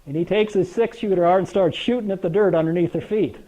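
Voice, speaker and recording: A man's voice: high-pitched, fast talker, dark tone. An older man giving a presentation to a live audience, telling folksy stories, joking with the crowd and tossing out rhetorical questions. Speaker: grain marketing presenter. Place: meeting room with an audience. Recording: dull lo-fi recording.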